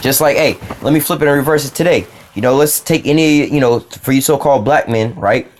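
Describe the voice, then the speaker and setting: A man's voice: medium pitch, brisk. A man teaching from the Bible in a loose, casual way, often saying "you know" and "all right".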